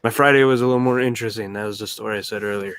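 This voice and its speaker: A man's voice: on the low side, fairly even intonation, rapid-fire, a bit bright, smooth, dry recording. A man co-hosting a casual live stream, rambling and stumbling over his words, laid-back and profane. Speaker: stream co-host.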